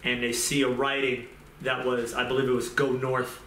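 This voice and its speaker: A man's voice: mid-range voice, level tone, normal speed, sharp tone, a little hiss or hum. A man giving an informal sermon in a conversational way, repeating phrases and restarting sentences as he goes. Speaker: pastor. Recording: roomy echo.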